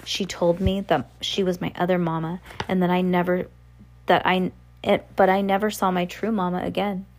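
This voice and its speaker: Faint, sad ghost children murmur from the dark, their speech hushed and old-fashioned, as a woman reading a storybook aloud gives them voice. The voice stays low and gravelly, with little rise and fall. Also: level tone, moderate pace, lightly acted. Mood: mournful.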